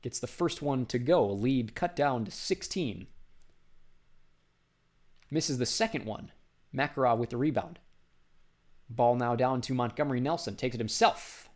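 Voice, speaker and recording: A man doing basketball play-by-play commentary, briskly calling each pass and lifting his voice on big shots. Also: mid-range voice, a little mellow.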